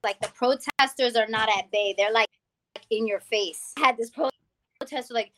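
A woman from the Bronx, giving a lively personal testimony as an interview guest and acting out the people she quotes. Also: a little high, moderate pace. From the Bronx, New York. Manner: animated storytelling, acting out quoted people, calls the host "girl". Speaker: guest, music founder.

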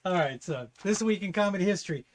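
A man's voice: sits high, lively intonation, fast. A man co-hosting a podcast, laid-back and teasing, also reading out a comedy history segment. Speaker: podcast co-host. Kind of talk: casual comedic chat.

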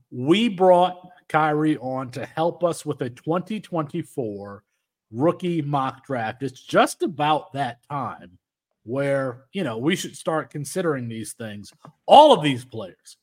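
A man's voice: on the high side, expressive, slow. A man hosting a sports podcast in casual chat, rambling with many restarts. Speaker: podcast host.

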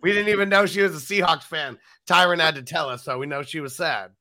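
A man's voice: fairly high pitch, fairly quick, bright, forceful tone. A man on a sports panel telling a story in an easygoing way. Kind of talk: casual sports chat.

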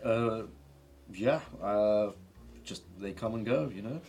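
A man's voice: on the low side, slow pace, a little mellow. A man player speaking hesitantly, with fillers.

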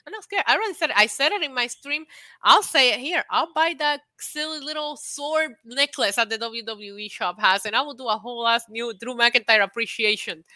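A woman's voice: a little high, fairly quick, sharp tone, no echo. A woman co-hosting a casual wrestling chat, emphatic and mocking, repeating her punchlines. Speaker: co-host.

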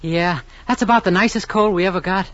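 An actor playing a flat, matter-of-fact young husband in a 1940s radio comedy. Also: male voice, high-pitched, a little fast, no room sound. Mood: deadpan. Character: plain-spoken young husband, flat and unromantic. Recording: dull old radio recording, off-mic.

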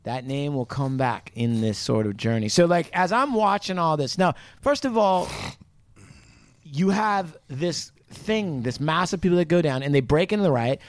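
A man's voice: fairly high pitch, expressive, normal speed, dry recording. A man hosting a podcast, explaining things in a rambling, profane, casual way full of "like" and "you know". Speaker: podcast host. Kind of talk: casual chat.

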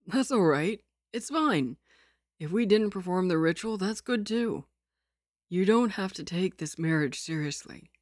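A woman reads out a frail young nobleman who drifts through his words in a soft, breathy, lazy drawl. The voice sits a little low and comes across close and dry, with no room around it. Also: normal speed, few pauses, no room sound, natural voice. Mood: calm. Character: sickly, languid young nobleman, weak and resigned.

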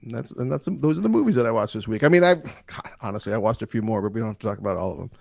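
A man's voice: lowish voice, animated, racing, gravelly, a little mellow, dry recording. Casual male co-host, rambling film talk, dry close mic. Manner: rambling, full of fillers and restarts. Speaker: podcast co-host. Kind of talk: casual movie chat.

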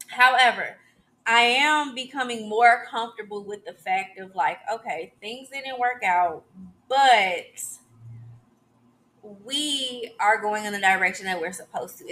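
A woman's voice: fairly high pitch, bright, forceful tone. A woman in her thirties hosting a podcast, giving an emphatic, preachy solo talk and often checking in with "okay?". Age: 30s. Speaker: podcast host.

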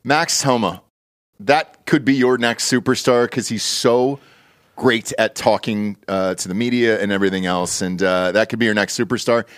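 Man, lowish voice, joking, profane, podcast host, dry close mic. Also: fairly even intonation, moderate pace, fairly bright tone, no room sound. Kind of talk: casual golf betting chat.

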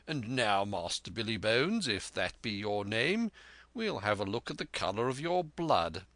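A man voicing a brisk, stern country doctor who speaks brusquely and in command. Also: on the low side, big pitch swings, a bit bright, no echo, heavily acted. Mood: dry.

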